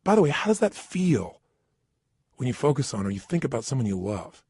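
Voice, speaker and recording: A middle-aged motivational speaker stands at a microphone giving an emphatic talk, firing rhetorical questions at the listener. His voice is mid-range, sing-song, darkish and husky, his pace brisk, and the recording dry.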